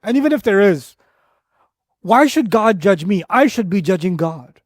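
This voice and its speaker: A man giving an Islamic lecture on Quran verses, telling an animated story, repeating phrases for emphasis and reciting Arabic verses quickly. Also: high-pitched, no echo, clean studio sound.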